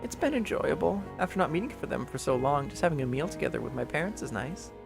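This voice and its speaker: A man's voice: very animated, fast talker, vocal fry, over music. A man voicing a polite, refined young woman. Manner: soft, polite, raised pitch.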